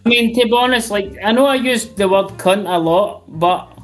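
A man's voice: sits high, normal speed, faint music behind. A drunk Scottish man calling in to a live chat show, talking bluntly and swearing in nearly every sentence. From Scotland. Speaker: caller. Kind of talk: casual call-in chat.

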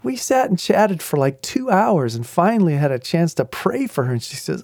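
A man with a fairly high voice and a mellow, warm tone. He tells faith stories with animated energy and chuckles along the way. The sound is dry and close. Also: moderate pace, hardly any pauses, no room sound. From New England. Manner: animated, chuckling storyteller who acts out quotes. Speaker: podcast host. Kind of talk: faith-based storytelling talk.

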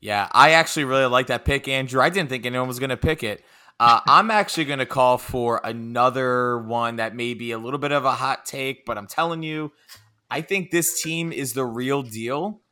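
A man's voice: mid-range voice, normal speed, bright, forceful tone. A man, a father, co-hosting a casual sports podcast with a joking, teasing manner. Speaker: podcast host.

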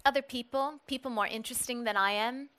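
Woman reading young writer girl from a story, quick and ironic, bright clear voice. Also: on the high side, voice pushed up. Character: young woman aspiring writer, wry and lively.

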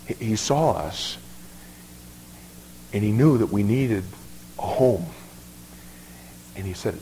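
A man's voice: fairly low pitch, expressive, takes it slowly, pauses often, dark tone, slight background noise. A male pastor preaching a sermon in a folksy, emphatic way, often repeating words as he restarts. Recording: long reverb of a large hall.

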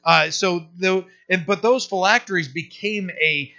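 Pastor guy teaching scripture, bright kinda high voice, keeps saying right?, muffled lo-fi sound. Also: gravelly. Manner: casual, halting, many restarts and "right?" checks. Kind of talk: conversational Bible teaching.

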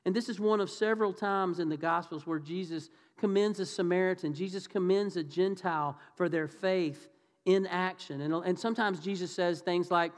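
A man's voice: sits high, normal speed. A man preaching a conversational sermon in church, asking the congregation questions and acting out the voices of the people in his story. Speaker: pastor. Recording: reverberant church hall.

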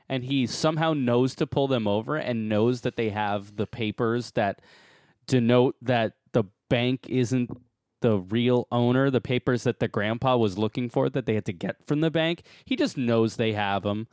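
A chatty man sums up a film's plot on a podcast in amused, casual talk. His voice sits in a middle pitch and sounds dry and close. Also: darkish tone, smooth, dry recording. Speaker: podcast co-host. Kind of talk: casual chat.

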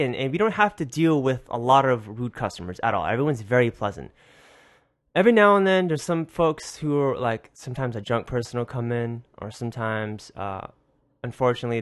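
A male podcast host spins a loose, animated yarn with an easy, conversational rhythm. He swears freely and often restarts his sentences. His voice sits at a middling pitch, neither high nor low. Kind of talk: casual storytelling monologue.

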